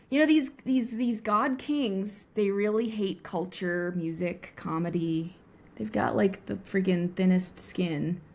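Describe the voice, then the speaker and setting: A woman co-hosting a casual podcast, rambling through a TV recap with plenty of fillers and easy laughter. Her voice sits in an ordinary middle pitch. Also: slow, creaky, darkish tone. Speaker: podcast co-host. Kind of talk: casual chat recapping a TV episode.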